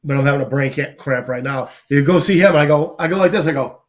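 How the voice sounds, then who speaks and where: Guy from boston, kinda high voice, hosting a chat, acts out all the quotes, salty slang. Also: fast. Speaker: show host. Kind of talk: casual storytelling chat.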